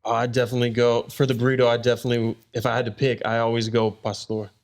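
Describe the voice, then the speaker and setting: A male fighter talking as a guest on a podcast, with a voice of ordinary middle pitch. He answers in a loose, easygoing way, as in a relaxed chat. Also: fast. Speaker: guest, mixed martial arts fighter. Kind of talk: casual chat.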